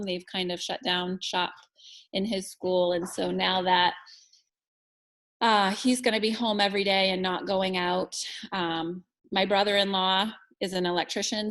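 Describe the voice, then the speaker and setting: Halting woman educator with vocal fry. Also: medium pitch, fairly bright tone. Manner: halting, searching for words. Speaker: educator and parent. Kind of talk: casual video-call chat.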